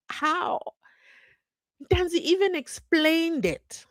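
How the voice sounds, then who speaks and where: This is a woman from South Africa who runs a true crime channel, hosting a live stream where she chats casually, reads viewer comments, and often laughs with mock-incredulous questions. She speaks expressively at a moderate pace in a lowish, slightly bright voice, with no room sound.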